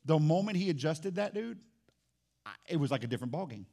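Animated high-voiced preacher man. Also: quick pace, gravelly. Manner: animated, swings from loud emphasis to hushed low lines. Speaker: pastor. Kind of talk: sermon. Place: church service.

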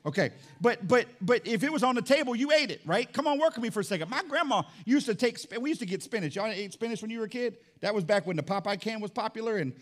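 Conversational pastor calling for amens. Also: male voice, high voice, lively intonation, fast, few pauses, fairly bright tone. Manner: conversational storytelling, calls for amens. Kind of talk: sermon.

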